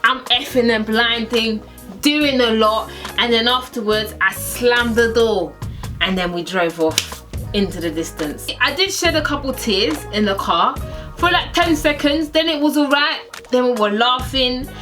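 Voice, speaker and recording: A woman's voice: unhurried, music in the background. A young woman, casually telling a personal story and acting out the quotes with big swings in her voice. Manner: animated, acts out quotes with big pitch swings. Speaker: storyteller vlogger.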